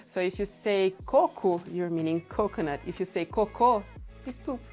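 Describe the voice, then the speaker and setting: Brazilian-accented woman, young adult, language teacher, careful repetition of examples, soft music behind. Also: fairly low pitch. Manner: explains slowly, repeating example words. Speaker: Portuguese teacher. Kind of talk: language lesson.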